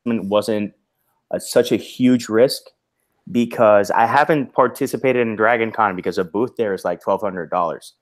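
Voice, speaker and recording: A loud, lower-voiced bilingual man. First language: bilingual in English and Spanish. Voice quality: naturally loud voice. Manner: animated, halting, lots of restarts and chuckles. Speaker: guest author. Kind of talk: casual video-call interview.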